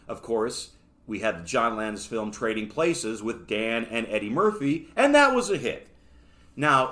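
A man's voice: mid-range voice, a bit bright. A man hosting a solo podcast, reviewing a book in a casual, rambling way with joking asides. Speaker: podcast host.

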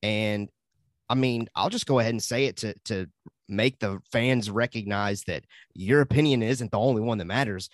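A man's voice: lowish voice, normal speed, dry recording, clean studio sound. A young adult man co-hosting a podcast, chatting casually and enthusiastically, rambling and laughing often. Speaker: podcast co-host. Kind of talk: casual chat.

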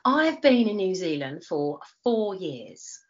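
A woman from East London in her forties speaks with a broad Cockney accent and a low voice. She talks in a chatty, storytelling way, full of ums and restarts. The recording is somewhat dull and lo-fi. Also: big pitch swings, slow. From East London, England. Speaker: interview guest, retired Olympic runner. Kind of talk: casual chat. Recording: dull lo-fi sound.

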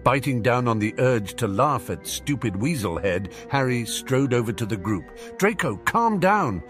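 A man narrating a fan fiction audiobook with an expressive reading. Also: medium pitch, moderate pace, soft background music.

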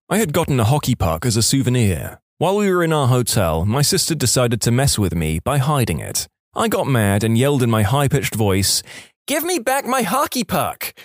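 Lively man reading stories aloud. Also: medium pitch, dry recording, clean studio sound. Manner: lively storytelling with acted quotes and asides. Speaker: podcast narrator. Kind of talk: scripted narration of reader stories.

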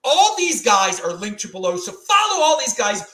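Loud, ranting male host in a roomy echo. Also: sits high, big pitch swings, normal speed, distant mic. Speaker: show host. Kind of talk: live-stream panel chat. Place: home studio in Salt Lake City.

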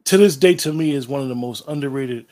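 A man interviewing a guest in a relaxed, slangy way, often repeating his words. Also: medium pitch, quick pace, a little hiss or hum. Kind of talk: casual interview talk.

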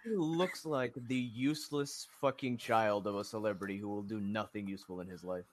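A man's voice: lowish voice, fairly quick, a crowd in the background. A young man co-hosting a casual podcast chat, ranting and mocking with lots of swearing.

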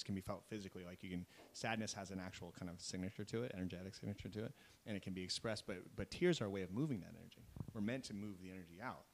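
As a guest on a podcast, a mental coach for athletes speaks earnestly and explains at length, repeatedly asking "right?" and "you know?" to check in with listeners. His voice is fairly low-pitched. The audio is poor, with slight background noise.

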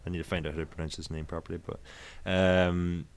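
A man's voice: sits low, flat delivery, fairly quick. A man co-hosting a podcast over a call, talking through the race in an easygoing, tentative way. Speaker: podcast co-host. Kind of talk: casual cycling race analysis.

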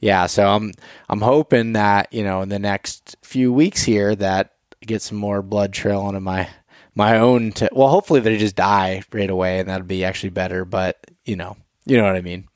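Man, low voice, easygoing, halting, filler-heavy, dry close mic. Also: fairly even intonation, clear, resonant tone, dry recording. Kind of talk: casual chat.

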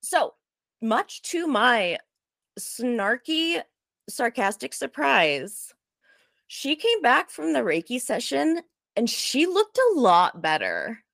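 Animated woman telling a story. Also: on the high side, gravelly, no room sound, studio quality. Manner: animated, fast, full of likes, acts out others' lines. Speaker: storyteller guest. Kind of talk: casual storytelling.

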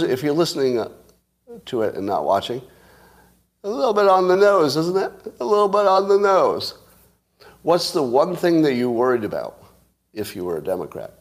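Guy doing a solo talk stream, sarcastic, lots of uhs and pauses, mid pitch voice. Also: a little mellow. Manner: sarcastic, asks the audience rhetorical questions; halting, many pauses and filler sounds. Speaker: show host. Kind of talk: solo livestream commentary.

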